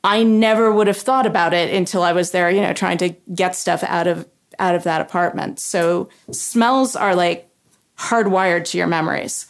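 A woman's voice: lowish voice, normal speed, creaky. A woman co-hosting a podcast, talking reflectively and thinking aloud with fillers. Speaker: podcast co-host. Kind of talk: casual chat.

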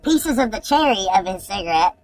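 A woman, excitedly telling a profane story in casual podcast chat. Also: medium pitch, a little fast, rough recording. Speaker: podcast host.

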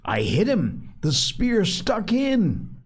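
A man reading an audiobook, voicing an excited, insistent schoolboy in a raised, animated voice. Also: slow pace, slightly rough, exaggerated voice. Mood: boastful eager. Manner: eager, insistent, high and animated.

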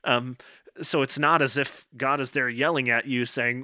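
An earnest man delivers an informal devotional talk, direct and plain-spoken. His voice is bright and forward, and it sits dry and close with no room echo. He checks in with his listeners with "okay" and pauses on "um". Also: medium pitch, steady tone. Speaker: speaker addressing college men.

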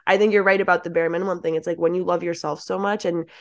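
A woman's voice: lowish voice, flat delivery, fast talker. A young woman as a podcast guest, chatting casually and peppering her talk with "like". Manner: chatty, lots of "like", acts out quoted thoughts. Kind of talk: casual chat.

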